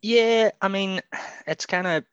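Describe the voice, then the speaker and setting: Bright, dry-sounding chatty man. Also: high-pitched, takes it slowly, clear, resonant tone, no room sound, highs cut off. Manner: rambling, opinionated, laughs often. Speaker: podcast co-host. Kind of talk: casual chat.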